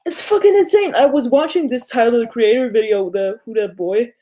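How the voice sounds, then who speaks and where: Husky giggly teen guy, swearing. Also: very high voice, moderate pace, dark tone. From Denmark. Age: teens. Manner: loose, giggly, swears a lot. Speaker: podcast co-host. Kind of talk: casual chat.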